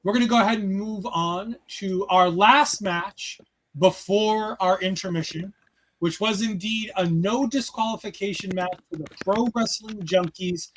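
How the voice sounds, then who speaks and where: A man with a noticeably high-pitched voice talks in an excited, rambling way. He swears freely and leans on fillers as he chats casually through a review. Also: moderate pace. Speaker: podcast co-host reviewing a wrestling show.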